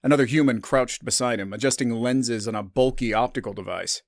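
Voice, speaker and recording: A man reads a science-fiction story in a measured, subdued narration. His voice sits at an ordinary middle pitch. The sound is dry and close, with no room around it. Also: dry recording. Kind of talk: scripted sci-fi story narration.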